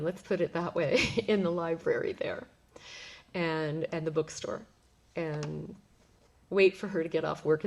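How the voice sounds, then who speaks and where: A middle-aged woman pastor giving a sermon, telling a personal story in a gentle, reflective way with soft laughs and restarts. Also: lowish voice.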